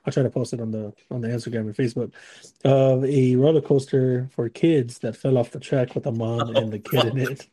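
A man's voice: medium pitch, fairly even intonation, a little fast, mellow, breathy edge. A man co-hosting a podcast in casual chat, rambling, stumbling over his words and swearing. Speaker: podcast co-host.

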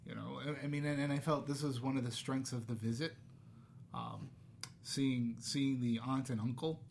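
Man, podcast host, casual movie talk, lively delivery, dry asides. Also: medium pitch, slight background noise. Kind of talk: casual movie review chat.

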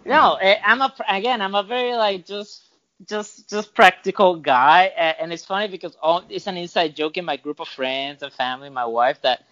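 A man with a fairly high voice, chatting as a podcast guest. He rambles with frequent restarts and filler words, and the audio sounds muffled and lo-fi. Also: normal speed, a bit bright. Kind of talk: casual storytelling interview.

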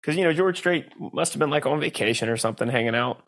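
A man's voice: on the high side, fast talker, a bit bright. A man co-hosting a podcast, telling rambling stories in casual chat and laughing often. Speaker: podcast co-host.

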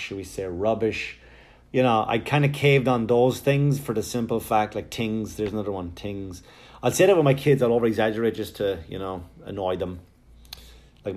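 A middle-aged man from Ireland with a softened Wexford accent, hosting a casual solo podcast in a rambling, self-mocking way. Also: on the low side. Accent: Wexford Irish, softened. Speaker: podcast host.

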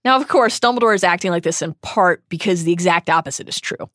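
A woman co-hosting a podcast, recapping book chapters in brisk summary with emphatic asides. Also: fairly low pitch, fairly bright tone, no echo, studio quality. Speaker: podcast co-host.

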